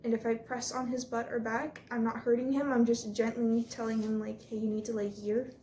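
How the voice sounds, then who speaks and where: A chatty young woman with a slightly high voice explains her dog training in a relaxed, reassuring way. She speaks from an echoey room at home with a faint hiss behind her. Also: brisk. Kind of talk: casual vlog narration.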